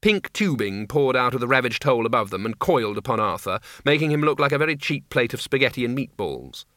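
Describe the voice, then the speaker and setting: A man's voice: medium pitch, quick pace, dry recording, studio quality. A man narrating a comic fantasy story as an audiobook reader. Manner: lively, expressive storytelling. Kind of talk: scripted narration.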